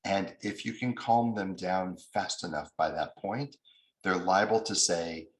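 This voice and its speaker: A man's voice: low-pitched, a little slow, reverberant, poor audio. A man giving a mediation training lecture over a video call, explaining step by step and now and then acting out angry voices.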